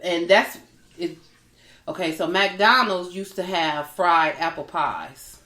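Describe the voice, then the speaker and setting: A woman co-hosting a podcast, telling a story in casual chat, animated, laughing often and acting out the people in it. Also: on the low side, takes it slowly, echoey room. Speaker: podcast co-host.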